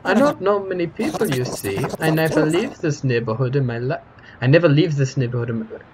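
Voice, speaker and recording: A man's voice: a little high, animated, a little fast, noisy background, voice pushed up, lightly acted. A man voicing a lonely, chatty elderly man who speaks broken English with a put-on foreign accent and gets flustered when asked about it. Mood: rambling. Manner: cheerful and flustered, insists he has no accent.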